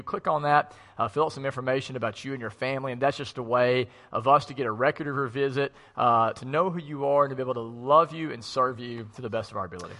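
A man's voice: medium pitch, pushed and bright. A man pastor co-preaching an online sermon in an empty church, telling a story in a conversational way with frequent fillers. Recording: long reverb of an empty hall.

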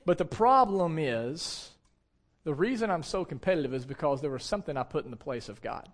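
A man's voice: a little high, brisk. A pastor in his thirties preaching a sermon, speaking directly and conversationally to his congregation. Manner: animated storytelling, shouts when acting out anecdotes.

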